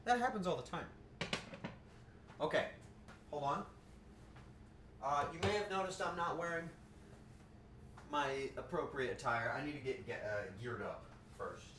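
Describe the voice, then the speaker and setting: A man's voice: on the high side, animated, recorded from a distance, noisy background. A man chatting casually while cooking live on stream in his home kitchen, rambling and joking, laughing easily and swearing now and then. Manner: rambling, jokey, quick to laugh. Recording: echoey kitchen, voice from afar.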